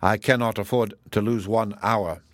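A man's voice: lowish voice, fairly even intonation, normal speed, fairly bright tone, dry recording, clean studio sound, lightly acted. A man voicing a grave, reserved middle-aged colonel who speaks formally and with restraint. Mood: restrained.

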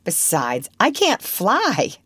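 A woman's voice: medium pitch, huge pitch swings, takes it slowly, a bit bright, husky, no echo, studio quality, full character voice. She is doing a wondering young girl. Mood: excited. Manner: breathless and wondering. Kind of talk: storybook reading.

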